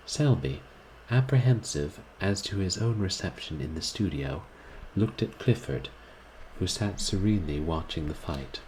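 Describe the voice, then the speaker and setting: Man, deep voice, slow, lively intonation, story reading. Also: slight background noise, rough recording. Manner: deliberate, expressive, shifts pitch for characters. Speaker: narrator reading aloud. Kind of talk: reading a classic short story aloud.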